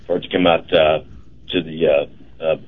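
A man's voice: very deep voice, flat delivery, normal speed, phone-quality sound. A middle-aged man hosting a casual talk radio chat, rambling with many fillers and restarts. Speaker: radio host.

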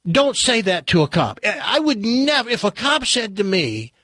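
A man's voice: high voice, normal speed, no echo, clean studio sound. A man hosting a talk radio show, telling stories and a joke while acting out the voices. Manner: animated storyteller, acts out the joke's voices.

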